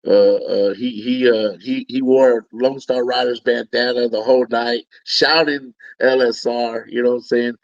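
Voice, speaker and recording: A man's voice: medium pitch, fairly even intonation, normal speed, few pauses. A man who works as a music producer, talking in a laid-back, rambling way with lots of fillers in a casual chat. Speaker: podcast co-host, music producer. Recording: dull lo-fi audio.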